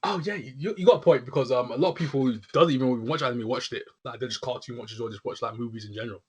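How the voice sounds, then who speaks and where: A man's voice: medium pitch, fast talker, a little mellow, breathy edge. A young man chatting casually, rambling with lots of filler words as he talks. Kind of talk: casual chat.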